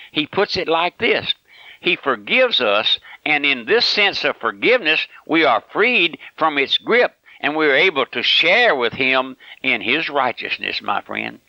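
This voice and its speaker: Man, radio sermon, emphatic, sharp bright tone, dull lo-fi recording. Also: mid-range voice, no echo. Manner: emphatic, repeats phrases, addresses listener as my friend. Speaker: radio preacher.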